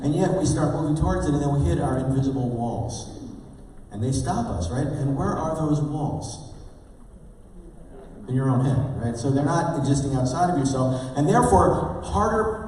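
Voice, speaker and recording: Man, stage hypnotist giving a keynote, lively and playful, quizzes the crowd, slightly high voice, faint room ambience. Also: moderate pace, a little hiss or hum. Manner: energetic, playful, engages the crowd with questions. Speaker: motivational speaker and stage hypnotist. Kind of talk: keynote talk to a live audience. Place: large event hall. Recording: echoey hall, voice from far off.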